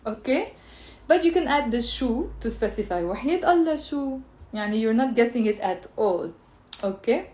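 Woman, Lebanese Arabic accent, somewhat high voice, chatty live-stream language teacher. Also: expressive, moderate pace, darkish tone. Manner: playful, chatty, greets viewers and repeats phrases.

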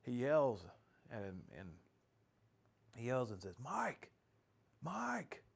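A law enforcement officer with a somewhat low male voice relives the events in the present tense. His delivery is vivid and direct. He speaks in a documentary interview. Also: slow pace, a little mellow, slight background noise.

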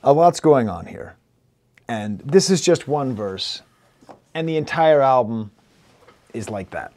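A man with a Rochester, New York accent reviewing a rap album in casual talk, playful and animated as he recites and picks apart rhymes. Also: medium pitch, measured pace, pauses often. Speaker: music reviewer.

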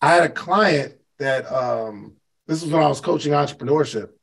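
Over poor audio, a host and business coach with a fairly high, gravelly voice delivers a motivational talk to a live call audience. He keeps a moderate pace and a conversational tone, asking his listeners questions and repeating points for emphasis.

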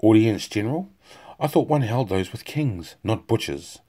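A man's voice: fairly low pitch, lively intonation, normal speed, mellow, pitched above the performer's own voice. A man doing a bitter sarcastic surgeon. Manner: cutting, sarcastic. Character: bitter outspoken male army surgeon.

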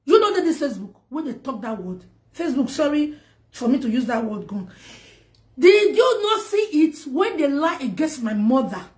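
Nigerian woman, high voice, emphatic rant to camera, roomy echo. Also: very animated, normal speed, darkish tone. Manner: emphatic, scolding, repetitive. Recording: echoey room.

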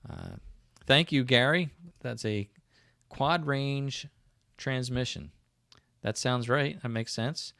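This South Jersey/Philadelphia-accented livestream host has a mid-range, creaky, slightly bright voice and speaks slowly. The studio-quality audio has no echo as he meanders through viewer comments with many fillers and restarts.

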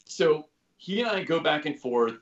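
A man's voice: on the high side, lively intonation, measured pace. A man in his fifties, a guest telling stories in a casual interview, rambling with lots of "you know" and "like" and casual swearing. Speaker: guest, former special operations soldier. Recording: roomy, slightly dull podcast audio.

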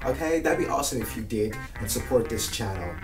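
A young man talking casually to his viewers in a relaxed, chatty way. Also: mid-range voice, a little fast. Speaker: YouTuber. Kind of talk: casual vlog talk. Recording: echoey room, mic at a distance, faint music.

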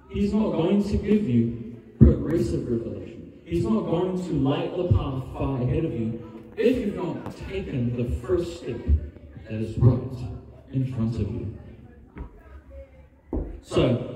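A man's voice: on the high side, mellow. A man preaching an evangelist's sermon with passion, building to a fervent altar call and prayer. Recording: roomy hall reverb, distant mic. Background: music under the preaching.

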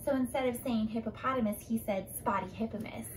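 A woman teacher reading a picture book aloud to children and explaining it in a lively way. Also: a little high, quick pace, a little hiss or hum, poor audio. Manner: animated, explaining to kids.

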